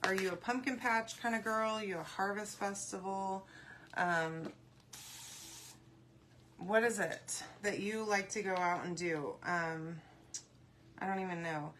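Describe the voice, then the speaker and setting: A woman's voice: mid-range voice, steady tone, slow, pauses often, background noise. A woman hosting a casual crafting tutorial, chatting and rambling to viewers as she paints and answering their comments aloud. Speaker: craft video host.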